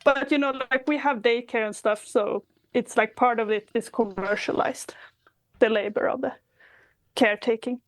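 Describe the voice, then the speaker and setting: A woman's voice: a little high, fairly even intonation, moderate pace. A woman from Sweden chatting thoughtfully as a podcast co-host, laughing often. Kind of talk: casual chat.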